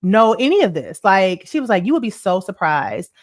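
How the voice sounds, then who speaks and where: Her voice is mid-range and sing-song, moving at a moderate pace, as this American woman hosts a laid-back livestream about money. Storytelling in a chatty, repetitive way, she often asks "right?" and reads out what viewers write.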